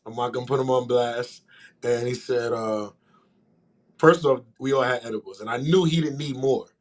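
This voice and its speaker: A man co-hosting a podcast, telling stories in a casual, animated way and laughing as he goes. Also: medium pitch, normal speed. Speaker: podcast co-host. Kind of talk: casual storytelling chat.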